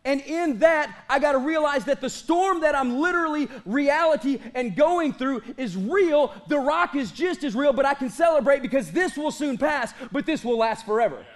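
A man in his late thirties preaching a sermon as pastor, energetic, stretching out key phrases for emphasis and joking with the congregation. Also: very high voice. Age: late 30s. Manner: energetic preaching, slows for drawn-out emphatic lines, jokes with the congregation.

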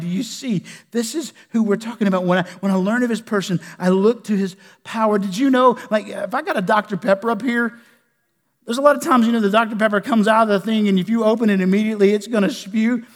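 A man preaching a folksy sermon, his high voice sinking to a near hush and then rising into loud bursts. The sound rings with the long reverb of a large hall. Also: quick pace. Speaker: pastor.

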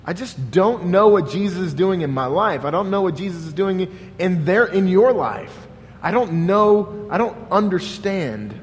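A pastor preaching a sermon in an earnest, questioning way, often restarting with "like". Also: male voice, high voice, lively intonation, a little slow, long reverb tail.

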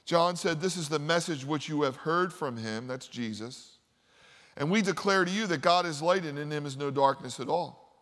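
A man preaching a sermon, telling stories and swinging from loud, lively lines to quiet, hushed ones. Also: fairly high pitch, normal speed. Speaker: pastor. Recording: long hall reverb.

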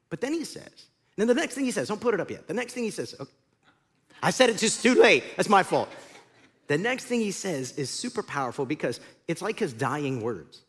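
A man preaching a sermon as pastor, in an animated, conversational storytelling way. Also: high-pitched, brisk.

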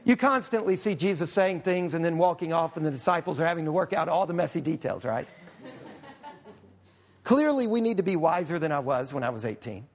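High-voiced man preaching a lively sermon. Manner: conversational and humorous, with quick asides. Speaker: pastor.

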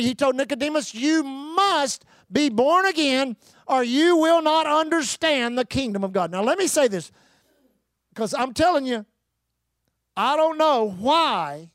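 A man's voice: extremely high pitch, fairly bright tone, no room sound. Emphatic preacher man, dry sound. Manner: preaching with emphatic rises and repetition, calls to the congregation. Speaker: pastor. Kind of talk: sermon.

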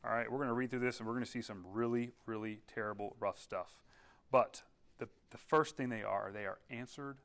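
A man preaching a sermon in an easygoing, conversational way. He walks his listeners through the text, stopping often with quick check-ins and restarting his sentences as he explains. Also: mid-range voice, steady tone, fairly bright tone. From United States. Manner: conversational teaching with frequent "okay?" check-ins; restarts and filler-heavy, explanatory. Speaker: pastor.

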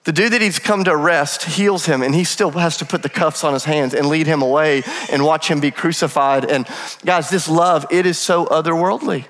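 A man preaching a sermon as pastor, telling stories lively with humorous asides. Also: a little high, moderate pace. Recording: long reverb of a large hall.

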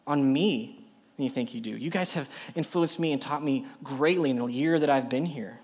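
A man's voice: medium pitch, normal speed, darkish tone. A young adult man preaching a sermon to a youth group, emphatic and full of rhetorical questions. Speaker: youth pastor.

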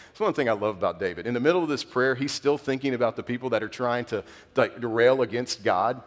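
A middle-aged man preaching a sermon in a relaxed, conversational way and telling stories. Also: medium pitch, fairly quick. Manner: conversational, animated storytelling with laughs. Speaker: pastor. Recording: long reverb in a large hall.

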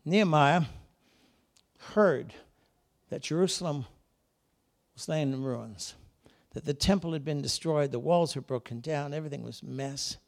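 A high-pitched male preacher delivers a fiery sermon in a church. He leaps from booming shouts down to hushed, wry remarks, and slips into voices for the people in his stories. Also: unhurried, gravelly, long pauses. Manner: dramatic, swings between shouting and quiet asides; acts out characters in voices. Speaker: guest preacher. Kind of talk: Pentecostal-style sermon. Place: church service.

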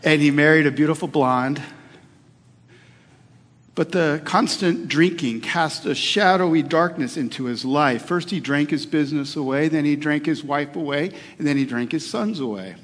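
A man's voice: a little high, normal speed. Earnest male pastor in a reverberant hall. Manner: earnest storytelling with hesitations and restarts. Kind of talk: sermon with personal story.

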